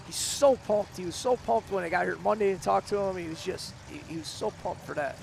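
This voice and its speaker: Male co-commentator, very high gravelly voice, emphatic and repetitive. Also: brisk, a little hiss or hum. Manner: emphatic, repeats himself. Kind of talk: live commentary chat.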